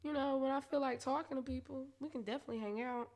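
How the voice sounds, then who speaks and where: A woman's voice: high voice, fast. A woman, candidly telling a profane story to her listeners, often laughing. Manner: profane, laughing, animated retelling.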